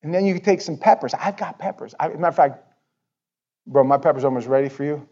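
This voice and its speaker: A male pastor preaching a sermon in a church, talking in an animated, conversational way and often repeating words. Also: on the high side, fast, lo-fi sound. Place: church sanctuary.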